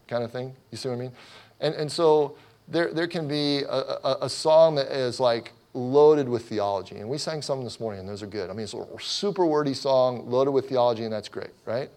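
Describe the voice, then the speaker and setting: A middle-aged man delivers a sermon in a loose, talky way, often restarting his sentences and slipping in wry sarcasm. His voice sits at an ordinary middle pitch. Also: fairly quick, a little mellow. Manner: conversational, self-correcting, lightly sarcastic. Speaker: pastor.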